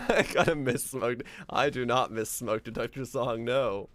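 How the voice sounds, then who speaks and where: A man's voice: mid-range voice, measured pace, soft background music. A man streaming a video game, chatting casually with viewers and ranting with lots of swearing. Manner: profane, animated ranting with bursts of laughter. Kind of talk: casual live-stream chat.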